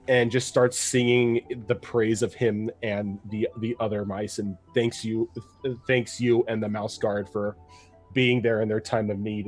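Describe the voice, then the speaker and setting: A man's voice: fairly low pitch, a little mellow. A man narrating a tabletop game as game master, casual and full of fillers. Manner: casual, with many fillers and laughs.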